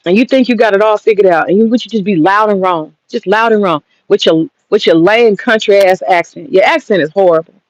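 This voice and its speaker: Brisk and barely pausing, a medium-pitched woman in her thirties hits back at a critic directly, swearing through a combative, casual rant. There's no echo, though the lo-fi audio is dull.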